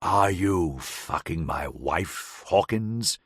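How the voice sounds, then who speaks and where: A man voicing a cruel middle-aged nobleman villain in an audiobook, with a low, slow, sneering menace. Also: lively intonation, husky, no room sound, clean studio sound, full character voice. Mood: menacing sneer. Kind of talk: audiobook character voice.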